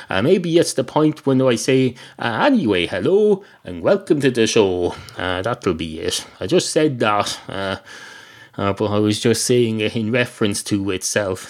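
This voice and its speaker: Dry, rambling comic man. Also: medium pitch. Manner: dry, self-mocking, meandering, full of "uh". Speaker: podcast host. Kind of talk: rambling solo comic monologue.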